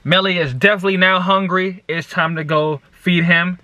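A man casually vlogging outdoors on a handheld phone, chatty and laughing often, slipping into high coaxing baby talk with his dog. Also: moderate pace, sharp tone. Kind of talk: casual vlog narration. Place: outdoors in a city park and streets.

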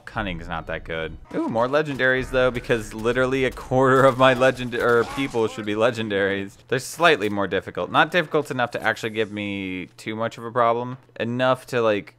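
A man's voice: fairly low pitch, fairly bright tone, smooth. A young man giving casual, rambling gameplay commentary with a dry, sarcastic streak. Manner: chatty, rambling, dryly sarcastic. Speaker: let's play host.

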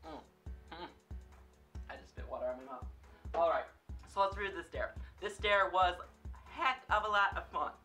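Rambling young man with a bright voice. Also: high-pitched, lively intonation, normal speed, long pauses, soft background music. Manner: rambling and self-conscious, stumbles over words. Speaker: dare-challenge vlogger. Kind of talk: casual food-challenge vlog. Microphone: camera facing him.

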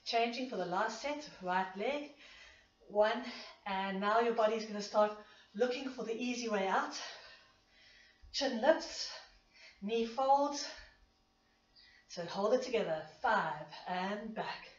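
A woman's voice: fairly high pitch, slow pace, long pauses. A woman leading a pilates class, counting reps and a bit out of breath as she exercises along. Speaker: pilates instructor. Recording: echoey room, distant dull mic.

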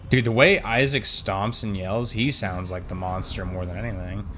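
A man's voice: fairly low pitch, fairly even intonation, moderate pace, a little hiss or hum. A young man hosting a casual let's-play, joking along and yelping when startled. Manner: jokey and jumpy, yelps and shouts when startled. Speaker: gaming channel host.

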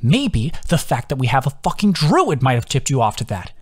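A man's voice: mid-range voice, huge pitch swings, moderate pace, slightly rough, pitched above the performer's own voice. A man voicing a worried young male companion who talks bluntly and swears freely. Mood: exasperated.

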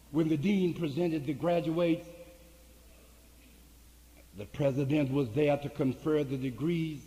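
A man preaching a sermon, telling a story in a low voice and rising to high shouted climaxes. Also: steady tone, slow, pauses often. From United States. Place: large hall with an audience. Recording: reverberant hall with faint hiss, 1980 archive.

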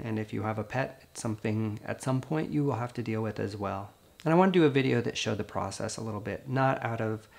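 A grieving man, a veterinarian, speaks to camera in a gentle, earnest and consoling way. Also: fairly low pitch, gravelly. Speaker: veterinarian and video host. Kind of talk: personal vlog talk to camera.

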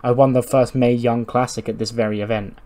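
A man playing a proud woman wrestler set on proving herself. She speaks earnestly, with quiet resolve. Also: mid-range voice, flat delivery, a little fast, close to an everyday voice. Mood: determined. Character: determined female wrestler, proud and wounded.

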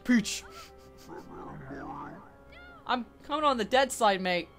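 Excitable woman swearing at a video game. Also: fairly high pitch, slow pace, soft background music. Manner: excitable, swears often, talks to the game characters. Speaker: let's play gamer. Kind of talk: casual gameplay commentary.

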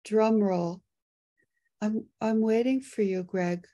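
A woman hosting a casual live webinar over a video call, excitable and quick to laugh as she reads poll results and the chat. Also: mid-range voice. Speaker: host.

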